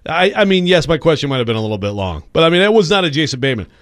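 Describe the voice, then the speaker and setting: A man's voice: fairly high pitch, very animated, rapid-fire, fairly bright tone. A man co-hosting sports radio in casual banter, rambling and joking, often cutting himself off mid-sentence. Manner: rambling, self-interrupting, joking.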